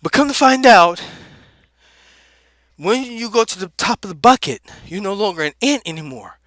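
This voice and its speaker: A man doing Smoky, high and bright. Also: no room sound. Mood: animated. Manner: animated, preachy, repeats words rapidly. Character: laid-back high-voiced street-talking comedic guy. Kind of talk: animated motivational rant.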